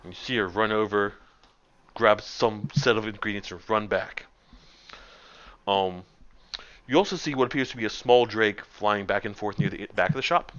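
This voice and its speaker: A man's voice: fairly low pitch, normal speed, pauses often, fairly bright tone. Game master guy rambling through a scene, lots of ums, dull lo-fi sound. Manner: casual, rambling narration with fillers. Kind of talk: narrating a tabletop game.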